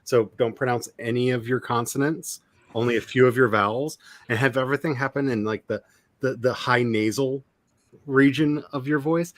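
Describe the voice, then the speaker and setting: A man's voice: medium pitch, steady tone, moderate pace, fairly bright tone, no echo. A man, an author hosting a casual chat, talking in long, wry digressions. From Ozarks, USA. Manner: chatty, digressive, wry asides. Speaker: author and channel host.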